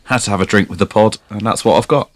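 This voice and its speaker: A man, co-hosting a podcast in relaxed, explanatory chat. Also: on the low side, fast, no echo. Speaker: podcast co-host.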